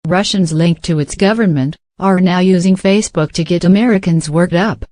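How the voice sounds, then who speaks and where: A man's voice: sits high, moderate pace, a little mellow, dry recording. A man from Africa hosting a late-night comedy show, delivering a scripted monologue and playing the dry, incredulous straight man.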